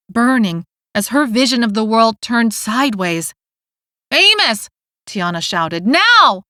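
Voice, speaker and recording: A woman's voice: mid-range voice, a bit bright, no echo. A woman narrating an audiobook in scripted, emotive style on a close studio mic.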